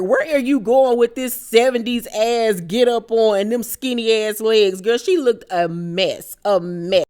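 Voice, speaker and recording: A woman hosting a casual reality TV recap, talking in an animated, gossipy and profane way, with bursts of mock outrage. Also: fairly low pitch.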